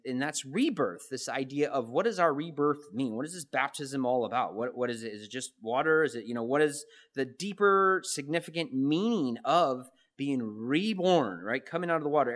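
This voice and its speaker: A pastor preaches conversationally, often restarting phrases, repeating words, and posing rhetorical questions. His voice is medium-pitched with a fairly bright tone.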